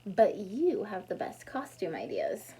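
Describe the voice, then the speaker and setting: A woman reading aloud as a cheerful, literal-minded young housekeeper, bright and eager. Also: mid-range voice, huge pitch swings, a little slow, breathy edge, heavily acted, poor audio.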